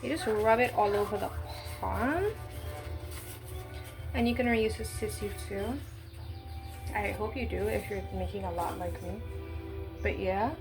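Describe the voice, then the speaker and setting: A woman's voice: mid-range voice, unhurried, gravelly, pauses often, over music. A woman chatting casually as she bakes, with cheeky slangy asides. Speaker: baking vlogger. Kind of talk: casual baking vlog.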